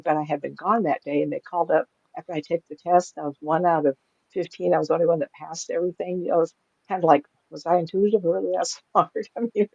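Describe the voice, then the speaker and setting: A woman's voice: lowish voice, vocal fry, a little mellow, no room sound, lo-fi sound. An older woman, a psychic medium, telling stories from her life in a chatty way, often laughing and acting out the voices of people she quotes, recorded at home. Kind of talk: casual storytelling.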